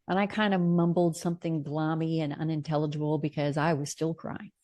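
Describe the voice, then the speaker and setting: A middle-aged woman telling a personal story in an earnest, expressive way, partly reading aloud from her own notes. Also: deep voice, a little fast. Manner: earnest, expressive, with bright lifts into quoted lines. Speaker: storyteller sharing a personal memoir.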